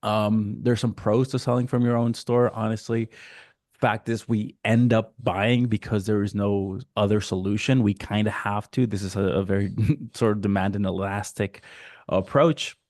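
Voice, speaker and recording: A man from Mexico giving a casual, animated webinar presentation over a video call, slipping into quick voices for customers. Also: on the low side, dry recording, studio quality. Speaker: guest speaker.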